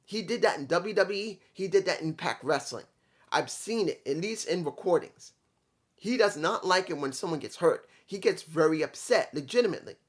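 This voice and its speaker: A man reviewing a wrestling show in a casual, rambling way, with some swearing and restarts. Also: a little high.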